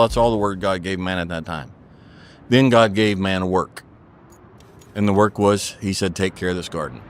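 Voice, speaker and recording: A man's voice: lowish voice, slight background noise. A middle-aged man speaking as an interview guest, talking in an earnest and preachy way, repeating his points and asking "okay?".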